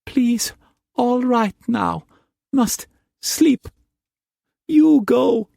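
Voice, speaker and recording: A man voicing a frightened, fragile young woman who speaks in halting, tearful phrases in an audiobook. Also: very high voice, animated, gravelly, dark tone, no echo, studio quality, pitched above the performer's own voice, full character voice. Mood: pleading.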